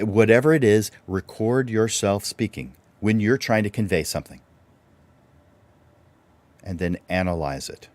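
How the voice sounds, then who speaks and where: A man's voice: low voice, a little mellow. A man presenting a livestreamed speaking workshop, instructive and full of rhetorical questions.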